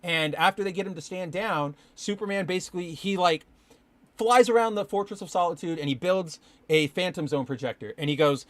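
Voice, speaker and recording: A man hosting a podcast, chatting casually about comics with a rambling, animated delivery that turns to swearing when he gets excited. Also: on the high side, moderate pace, no room sound. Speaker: podcast host. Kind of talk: casual comic book commentary. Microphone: live stream with chat.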